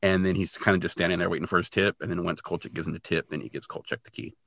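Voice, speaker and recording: A man's voice: deep voice, fairly even intonation, racing, creaky, a bit bright, no room sound. A man co-hosting a podcast, recapping an episode in a chatty, self-deprecating way with lots of fillers. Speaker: podcast co-host.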